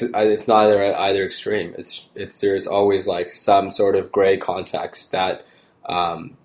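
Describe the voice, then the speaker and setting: A man's voice: fairly low pitch, darkish tone. A man in casual conversation, explaining his views in a rambling, hesitant way. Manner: rambling, hesitant, many restarts.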